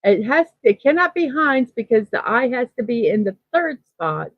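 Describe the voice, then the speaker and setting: A middle-aged woman hosting a casual morning livestream, thinking aloud and reading out chat messages with soft laughs. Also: on the high side, big pitch swings, normal speed, no echo, muffled recording. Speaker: host of a daily morning livestream.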